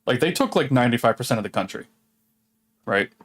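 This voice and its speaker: A man streaming a game, chatting in a relaxed, rambling way and swearing casually. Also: mid-range voice, fast talker, rough recording. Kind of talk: casual chat while gaming.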